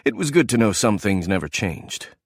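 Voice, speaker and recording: A male audiobook narrator reads in an even, measured way. His voice is low and the recording is close and dry. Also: gravelly, no room sound.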